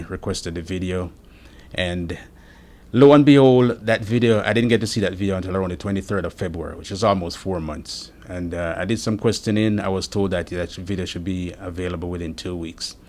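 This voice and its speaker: A man with a notably low, deep voice gives testimony. His account is steady and earnest, and he recounts what happened in order. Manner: earnest, steady retelling with frequent quoted dialogue. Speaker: interviewee giving testimony. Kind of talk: first-person account of an incident.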